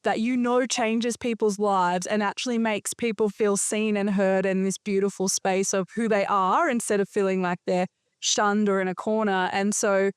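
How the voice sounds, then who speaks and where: A woman's voice: medium pitch, fairly even intonation, normal speed, smooth, no echo, clean studio sound. A woman hosting a podcast, talking in an affirming way with many fillers in a casual conversation. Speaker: podcast host.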